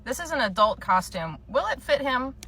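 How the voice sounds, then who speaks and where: Comedic role: woman plays demanding mother, whiny, bright tone. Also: high-pitched, sing-song, moderate pace, breathy edge, voice pushed up, full character voice. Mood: pushy. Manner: pushy, whiny. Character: pushy demanding mother costume shopper.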